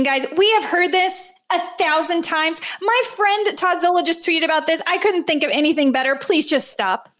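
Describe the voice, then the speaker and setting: A woman hosting a podcast, ranting in an animated, sarcastic way about fan habits. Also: very high voice, moderate pace, few pauses. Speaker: podcast host. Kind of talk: casual podcast chat.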